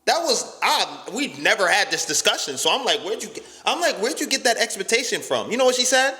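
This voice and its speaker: A young man hosting a talk show, telling a story in a loud, profane rant and acting out the other voices. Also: very high voice, very animated, moderate pace, big-room sound. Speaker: podcast host.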